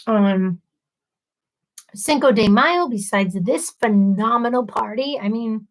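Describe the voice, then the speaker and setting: A woman's voice: a little high, takes it slowly, poor audio. A woman in her thirties chatting casually with viewers on a livestream, apologetic and self-deprecating. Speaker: livestream host.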